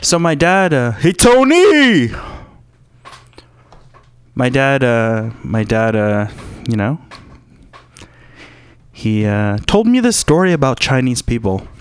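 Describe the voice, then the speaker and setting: A man's voice: medium pitch, big pitch swings, unhurried, clean tone, no echo. Crude, rambling male podcast host. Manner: crude, profane, meandering. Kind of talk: rambling casual monologue.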